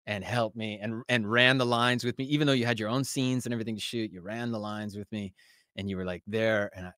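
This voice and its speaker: American male podcast host, casual and reminiscing, low voice, dry close mic. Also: steady tone, fast, a bit bright, no echo. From United States. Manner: friendly, reminiscing, laughs along. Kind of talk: casual interview chat.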